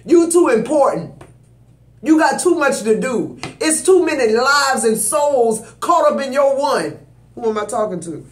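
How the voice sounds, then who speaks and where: Preachy tarot reader in a roomy space. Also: male voice, very high voice, animated, unhurried. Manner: preachy, emphatic, addresses viewers directly. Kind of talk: spiritual tarot reading. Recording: roomy echo.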